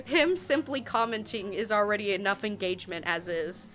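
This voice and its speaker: A woman's voice: medium pitch, moderate pace, a bit bright, soft background music. A young woman with a Southern US accent, chatting and giggling casually through a live game stream. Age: young adult. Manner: chatty, giggly, easily sidetracked.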